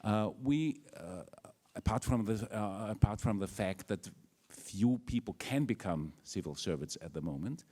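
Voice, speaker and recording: A man's voice: fairly low pitch, lively intonation, measured pace, mellow, slightly rough. An older man with an Austrian German accent gives a formal welcome speech as a university rector, hesitant and full of fillers. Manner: hesitant, with many fillers and restarts.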